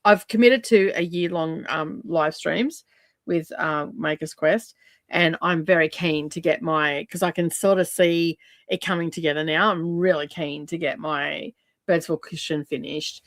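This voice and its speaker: Middle-aged woman, lowish voice, rambling casual craft-stream chat, dry close sound. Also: steady tone, a little slow, no room sound. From Australia. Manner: rambling, chatty, many ums. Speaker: craft live stream host. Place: home craft room.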